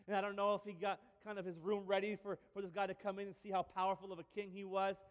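A male pastor giving a sermon in a church, telling stories with lively humor and repeated phrases. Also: sits high, quick pace, big-room sound. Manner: animated storytelling with repeats and humor.

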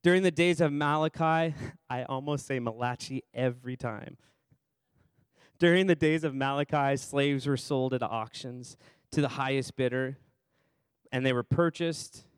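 A man's voice: medium pitch, a little slow, clear, resonant tone, no echo. A man preaching a sermon as pastor in a church service, chatty and conversational, quizzing the congregation by name and repeating phrases for emphasis.

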